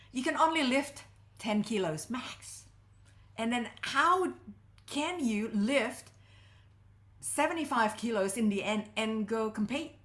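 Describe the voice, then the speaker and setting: Middle-aged woman guest coach, slow and earnest, mid-pitched, emphatic lifts in pitch. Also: a bit bright. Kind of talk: conversational advice in an interview.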